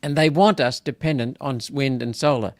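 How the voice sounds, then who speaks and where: The Australian senator hosting this live political wrap-up talks casually and a little fast, his medium-pitched voice holding a steady tone. He repeats himself, getting indignant and climbing into emphatic outbursts. There's no room sound.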